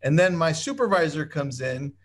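A man's voice: a little high, lively intonation, normal speed. A man co-hosting a webinar in casual chat, upbeat and enthusiastic as he tells stories. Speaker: webinar co-host.

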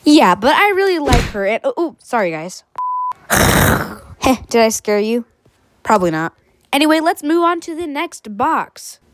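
Woman, bubbly chatty unboxing vlog, lively up-and-down voice, fairly high, faint music behind. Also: normal speed. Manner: bubbly and chatty, giggly asides. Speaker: toy reviewer.

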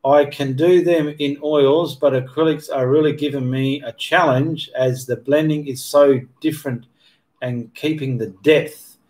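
Hosting a relaxed livestream Q&A for his painting channel, a man reads viewer comments aloud and answers them in a meandering way, stopping mid-sentence to correct himself. His voice is fairly high and somewhat dark, with fairly even intonation and an unhurried pace.

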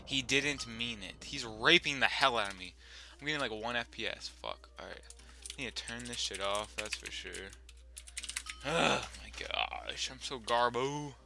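A young man casually commenting over his own gameplay, swearing freely and breaking into loud yelling when things go wrong. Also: mid-range voice, moderate pace, gravelly. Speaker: gaming channel host.

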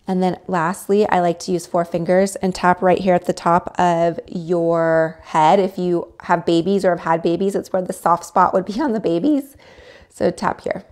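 A woman's voice: on the low side, fairly even intonation, normal speed, darkish tone. A woman hosting a casual livestream, coaching viewers step by step and acting out their inner voices. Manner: coaching, demonstrates tapping, acts out inner voices. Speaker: livestream host.

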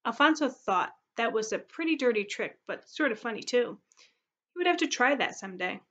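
Woman teacher reading aloud, story read-aloud, fairly high voice, muffled lo-fi audio. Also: expressive, normal speed, a bit bright.

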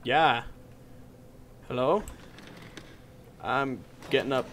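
Loud, jokey young gamer man. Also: medium pitch, very slow, slight background noise. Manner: loud, jokey, excitable reactions. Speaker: gaming channel host. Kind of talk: let's play commentary.

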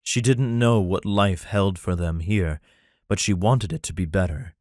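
Low-voiced man reading an audiobook. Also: a little slow, darkish tone, dry recording, clean studio sound. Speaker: audiobook narrator. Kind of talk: scripted narration.

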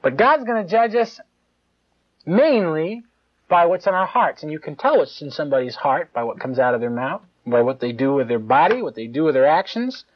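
A man giving a live sermon in a conversational, animated way, with mocking asides and chuckles. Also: a little high, normal speed, husky. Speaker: preacher. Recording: dull lo-fi live tape.

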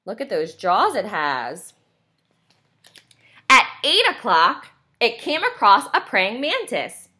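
A woman teacher reading a picture book aloud to young children, asking them questions as she goes. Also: on the high side. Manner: slow, expressive, asks children questions.

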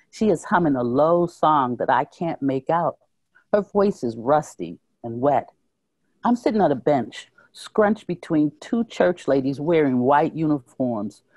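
A woman author reading her own short story aloud at a library talk, slow and measured. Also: deep voice, a little mellow, dry recording, rough recording.

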